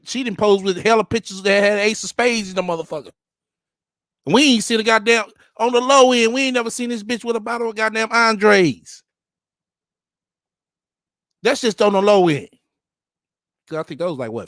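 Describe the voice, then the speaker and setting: A man riffs on a clip with mocking, profane sarcasm. His voice sits fairly high for a man. The sound is dry and close, with no room behind it. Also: moderate pace, pauses often, fairly bright tone, no echo. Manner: sarcastic, mocking, heavy swearing. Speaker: reaction commentator. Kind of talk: profane reaction commentary.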